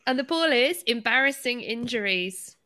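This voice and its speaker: A woman hosting a comedy podcast, throwing in quick, dry reactions and links between stories. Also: a little high, expressive, noisy background. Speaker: podcast host. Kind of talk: casual podcast chat.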